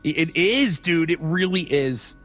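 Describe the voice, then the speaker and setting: A man's voice: a little high, expressive, a little slow, fairly bright tone, faint music behind. A man co-hosting a podcast, chatting in a laid-back way while getting over a cold. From Philadelphia area. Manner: laid-back, says man and bro a lot. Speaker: podcast co-host. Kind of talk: casual chat.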